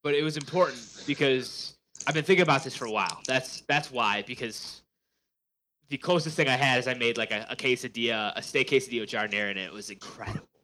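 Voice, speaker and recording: Bright, upbeat young man. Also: medium pitch, quick pace, rough recording. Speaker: podcast co-host. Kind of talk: casual chat.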